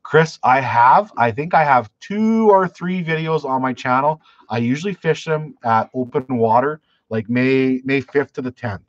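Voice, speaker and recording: A man from Canada chats on a fishing live stream. He rambles through stories with frequent restarts and turns to answer viewer questions. His voice sits at a middling pitch and sounds dry and a little dull, close to the mic. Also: measured pace, few pauses, dry recording. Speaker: fishing channel host. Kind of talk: live stream chat, reading viewer comments.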